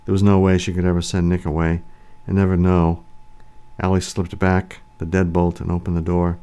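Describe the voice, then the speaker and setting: Deep dark-voiced guy reading a novel, measured and even. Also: clean tone. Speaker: narrator. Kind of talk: audiobook narration.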